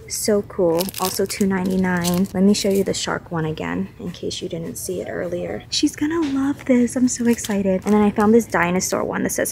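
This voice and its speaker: A young woman chatting excitedly in a shopping vlog, gushing over finds, often half-whispering in stores, on a small clip mic. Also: medium pitch, vocal fry. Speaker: vlogger. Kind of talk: casual vlog chat. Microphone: small wireless clip mic.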